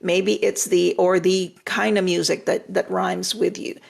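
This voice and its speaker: A woman's voice: on the low side, flat delivery, a little slow, vocal fry. An older woman, a retired relationship therapist, giving direct, reassuring advice on a live stream and often repeating her phrases.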